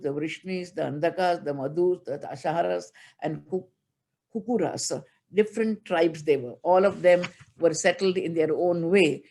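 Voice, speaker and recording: A woman's voice: on the low side, a little mellow. Woman giving a discourse. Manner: chants Sanskrit verses then explains them; earnest and emphatic, with light laughs. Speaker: spiritual teacher. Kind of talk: spiritual discourse.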